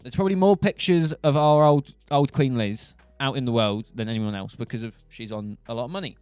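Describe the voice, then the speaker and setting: Young Southern English man, casual joking streamer, mid pitch, dry close mic. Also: fairly quick, darkish tone, clean tone, no room sound, soft background music. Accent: Southern English, Buckinghamshire. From England. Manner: joking, rambling, with restarts. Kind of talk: casual monologue.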